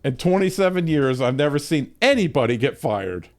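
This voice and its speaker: A man putting on the lower, flat voice of an older male base commander in a story he tells on a stream. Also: normal speed. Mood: dry.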